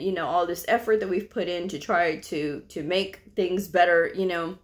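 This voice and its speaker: A woman with a fairly low-pitched voice tells a story about her job. She talks casually and drifts into fillers and asides. She sounds relaxed and conversational, like a vlogger chatting to her viewers. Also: brisk, few pauses. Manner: laughs while telling the story. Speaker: medical coding vlogger.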